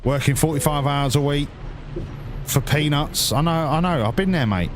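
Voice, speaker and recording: A man's voice: a little high, normal speed, slight background noise. A man streaming a driving game, chatting in sarcastic, sweary banter as he plays. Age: adult, grew up before the 1980s. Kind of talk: live gameplay commentary.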